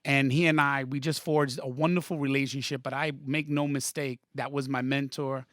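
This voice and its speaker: A comedian guesting on a podcast tells stories in an excited, profane rush, acting out the quotes in a medium-pitched voice at normal speed. The clean studio recording has no room sound.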